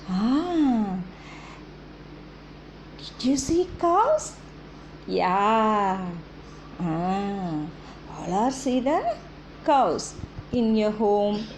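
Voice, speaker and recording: A woman teaching young children in a slow, coaxing, sing-song way, asking questions and copying animal sounds. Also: on the high side, a little hiss or hum. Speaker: kindergarten teacher.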